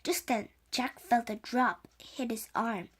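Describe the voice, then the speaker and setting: A woman reading a children's chapter book aloud, halting now and then with slips and restarts. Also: on the high side, breathy edge. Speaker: reader.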